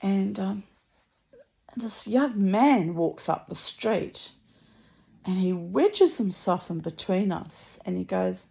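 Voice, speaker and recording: A woman's voice: mid-range voice, lively intonation, takes it slowly, creaky, warm tone. A woman telling a story in a chatty, rambling way, blunt and salty, with lots of asides and restarts. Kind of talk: casual storytelling monologue.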